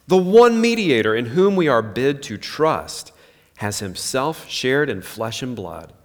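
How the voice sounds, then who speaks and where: A man's voice: medium pitch, sing-song, measured pace. Man preaching in a reverberant hall. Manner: earnest, conversational preaching with rhetorical questions. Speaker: pastor. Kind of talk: sermon.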